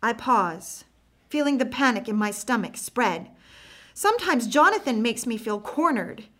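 A woman reading a first-person story aloud, earnest and reflective, with expressive phrasing. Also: on the high side, measured pace. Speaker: narrator.

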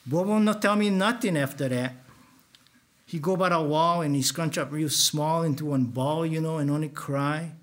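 Man, Hawaiian Pidgin, first-person storytelling, earnest, slightly higher voice. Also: moderate pace.

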